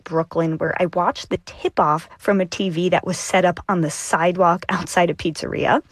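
A woman reporter with a lowish voice describes what she saw in vivid detail, talking with the host. Her voice sounds dry and close, with no room around it. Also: dry recording. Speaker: radio reporter. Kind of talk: live news interview.

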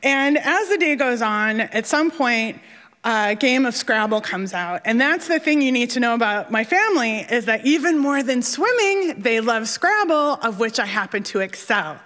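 A woman telling a personal story on stage, animated and self-deprecating, acting out the voices of the people in it. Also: fairly high pitch, normal speed. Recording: long hall reverb.

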